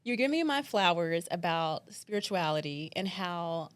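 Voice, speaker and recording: A woman's voice: fairly low pitch, animated, moderate pace. A woman, co-hosting a casual chat. She talks emotionally, laughs often and says "like" a lot. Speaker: podcast co-host.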